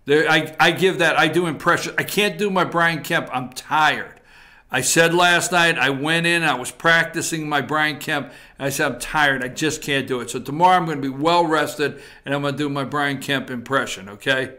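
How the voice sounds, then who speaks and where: A man's voice: a little high, normal speed, pushed and bright. A man hosting a political opinion talk show, talking straight to viewers in a blunt, folksy way. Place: TV studio.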